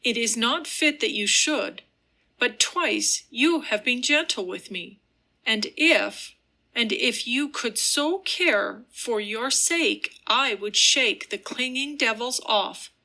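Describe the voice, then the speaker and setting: A woman's voice: fairly high pitch, slow pace, pushed and bright, full character voice. A woman reading the part of a tormented young man, speaking earnestly and with passion. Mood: unsteady. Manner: earnest, impassioned declaring.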